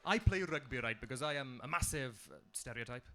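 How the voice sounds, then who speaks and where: A man's voice: medium pitch, expressive, brisk, background noise. A young man with a strong Welsh accent performing a stand-up comedy set on a club stage, delivering punchlines dryly. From Wales.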